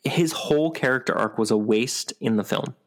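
A man hosting a movie podcast in easygoing casual chat. His delivery is plainspoken and relaxed, with a few fillers as he thinks. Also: medium pitch, moderate pace. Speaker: podcast host.

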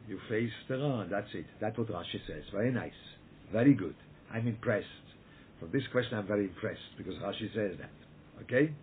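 A man leading a Torah study group over a video call, speaking emphatically and repeating himself, often restarting his sentences. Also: fairly low pitch. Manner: emphatic, repetitive, halting with frequent restarts. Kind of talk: Torah talk over a webinar. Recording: tinny phone-like call audio with faint noise.

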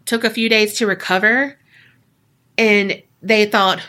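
A woman telling a ghost story on a podcast, slow and unhurried. Her voice is bright and chatty, peppered with "like". Her pitch sits in the middle. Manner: relaxed, chatty, lots of "like". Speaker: podcast co-host.

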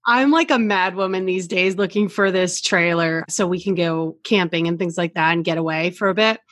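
A woman's voice: fairly low pitch, moderate pace, a bit bright, dry recording. Chatty enthusiastic woman, dry sound. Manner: chatty and enthusiastic, laughs and swears freely. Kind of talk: casual chat.

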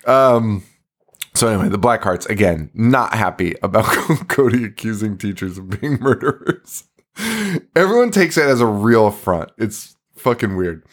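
A man's voice: lowish voice, lively intonation, moderate pace. A man co-hosting a podcast, recapping a film's plot in casual chat, laughing and swearing gleefully. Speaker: podcast co-host. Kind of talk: casual movie-review chat, retelling plot.

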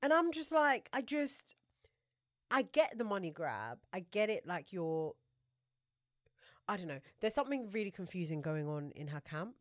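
A young woman, co-hosting a casual podcast chat, animated and slangy. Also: medium pitch, normal speed, dry recording, studio quality. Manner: animated, chatty, slangy, laughs often. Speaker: podcast co-host.

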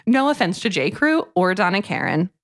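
A woman's voice: mid-range voice, big pitch swings, moderate pace, fairly bright tone. A woman co-hosting a podcast, retelling a book's plot in casual chat, full of "like". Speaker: podcast co-host. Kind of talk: casual book-review chat.

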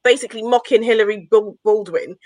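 A woman from London chatting casually and telling stories with animated laughter. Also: on the high side, brisk, no echo, poor audio. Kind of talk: casual chat.

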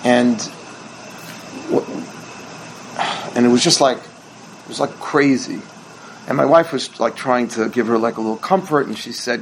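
A man's voice: medium pitch, a little slow, pauses often, slight background noise, rough recording. A middle-aged man, a rabbi, teaching a holiday workshop in a conversational storytelling way and now and then quizzing his listeners.

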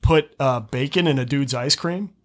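A man's voice: mid-range voice, moderate pace. A young man chatting as a guest, speaking hesitantly with lots of ums and uhs. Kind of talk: casual chat.

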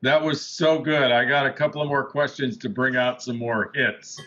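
Man, interview host, encouraging, mid-pitch, slightly dull recording. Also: steady tone, moderate pace, pushed and bright. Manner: short, encouraging replies and laughs. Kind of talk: casual interview.

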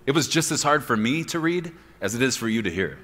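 Pastor guy preaching hard, bright punchy voice, shouts big words, long church echo. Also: mid-range voice, expressive, a little fast. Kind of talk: sermon.

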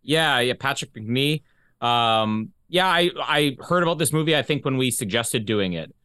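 A man's voice: medium pitch, animated, normal speed, bright, forceful tone, clean tone, dry recording. Dry-witted podcast man, very dry sound. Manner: dry teasing, wisecracks. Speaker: podcast co-host. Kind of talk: casual chat.

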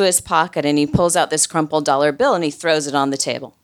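A woman's voice: low-pitched, steady tone, a little fast, few pauses. A woman telling a funny personal story in a chatty way, full of "like" fillers. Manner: chatty, comic, many "like" fillers.

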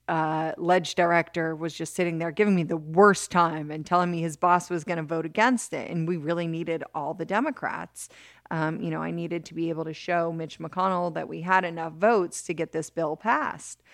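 A woman as an interview guest, telling a story in an animated way with many restarts and bursts of laughter. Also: lowish voice, moderate pace, no echo, studio quality. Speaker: interview guest, criminal justice advocate.

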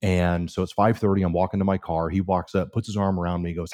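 A man's voice: low-pitched, fast talker, hardly any pauses. A man in his forties, a real estate guest on a podcast, telling stories and acting out the people in them. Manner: animated storyteller, acts out quoted dialogue. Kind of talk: casual podcast chat.

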